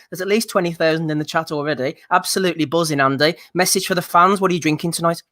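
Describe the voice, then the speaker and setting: A man's voice: on the high side, sharp tone. A man hosting a live stream, teasing his guests and reading out chat comments. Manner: jokey, teasing, quick to laugh. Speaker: host.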